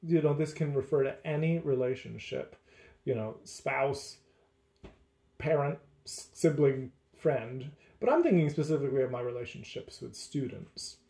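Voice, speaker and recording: A man who teaches, talking through faith and relationships in a measured, deliberate way. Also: mid-range voice, vocal fry, dark tone, roomy sound. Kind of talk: casual faith discussion.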